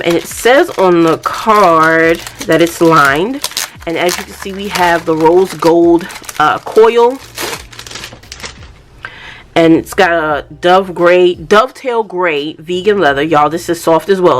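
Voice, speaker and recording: Woman, lowish voice, casual unboxing vlogger, friendly chat to camera. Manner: chatty, addresses viewers as y'all.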